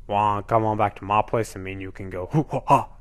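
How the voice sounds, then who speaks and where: A man's voice: lowish voice, steady tone, quick pace, natural voice. A man doing a cocky Johnny Bravo flirt. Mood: flirty.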